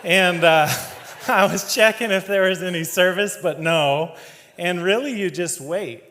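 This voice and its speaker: A man with a fairly high voice tells a story to a live audience, light and conversational with a joking streak. His words ring out with a long hall reverb. He sounds like a speaker on stage at an event. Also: measured pace, pushed and bright. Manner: conversational and humorous, laughs often. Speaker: keynote speaker.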